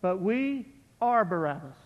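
A man preaching as pastor, building to loud peaks on key lines and dropping to soft, quiet asides. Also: high voice, big pitch swings, measured pace, long reverb tail, lo-fi sound. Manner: impassioned, rises loud on key phrases, drops to soft asides. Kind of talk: sermon. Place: church sanctuary.

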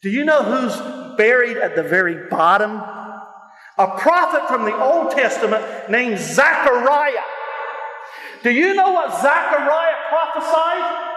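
A male pastor preaching with great passion, often shouting his lines and laughing between stories. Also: extremely high pitch, expressive, unhurried. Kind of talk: preaching a sermon. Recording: echoey hall with long reverb.

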